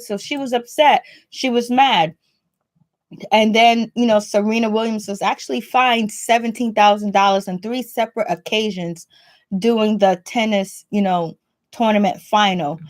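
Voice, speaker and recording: A woman hosting a casual video commentary, chatting straight to her viewers with plenty of fillers. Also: medium pitch. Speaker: vlogger host.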